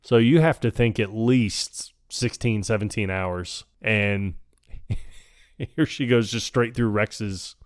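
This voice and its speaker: A man's voice: fairly low pitch, slow, no echo, studio quality. A man co-hosting a podcast, casually retelling film scenes, laughing often and acting out lines. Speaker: podcast co-host.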